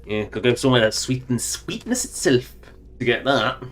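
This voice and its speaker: A man's voice: medium pitch, expressive, normal speed, soft background music. A man streaming a video game, rambling and joking to himself in casual commentary.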